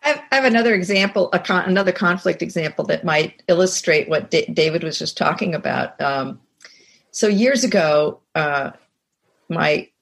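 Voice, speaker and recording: An older woman, a guest on a podcast, tells a personal story in casual chat, reflecting as she goes and acting out bits of quoted dialogue. Her voice is fairly low and creaky, with lively intonation at normal speed.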